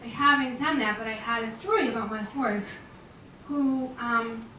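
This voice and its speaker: Woman, animal communicator, chatty storyteller, bright voice, fairly high, distant echoey room. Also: moderate pace, slight background noise. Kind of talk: storytelling talk to an audience.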